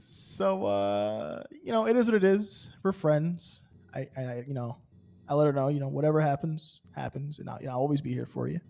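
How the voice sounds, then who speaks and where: A man's voice: on the high side, animated, fairly quick, vocal fry, warm tone. A man roleplaying on a game server, telling an in-character story in a rambling way, full of fillers and stammered restarts. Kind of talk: in-character story, casual chat.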